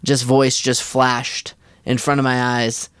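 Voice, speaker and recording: A man's voice: medium pitch, flat delivery, unhurried, fairly bright tone, smooth, no room sound, clean studio sound. A man co-hosting a podcast in casual comedic chat, often stammering and trying out silly accents. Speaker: podcast co-host.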